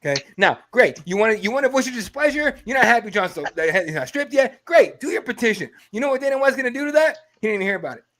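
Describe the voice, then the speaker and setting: A man's voice: very high-pitched, very animated, quick pace, few pauses, fairly bright tone. A man co-hosting a sports podcast, laughing and telling stories with casual swearing. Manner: laughing, storytelling, profane. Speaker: podcast co-host.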